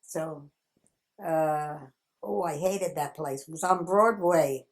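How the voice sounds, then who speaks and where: A woman in her nineties telling old work stories in an interview, lively and full of laughter. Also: deep voice, slow pace. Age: 90s. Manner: animated, acts out quoted people, frequent laughs. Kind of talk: reminiscing storytelling.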